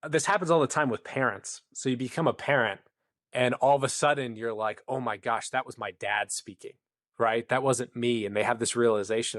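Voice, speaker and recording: A podcast guest with a lowish voice explains things at length in an earnest, conversational way, acting out the inner voices of the people he talks about. The sound is clean studio audio with no room sound.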